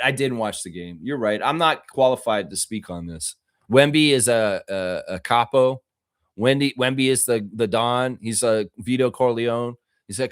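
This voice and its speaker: A man's voice: mid-range voice, normal speed, no echo. Joking male podcast host, dry sound. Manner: animated, joking, chats with viewers. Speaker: host of a basketball podcast livestream. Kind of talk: casual live commentary and chat.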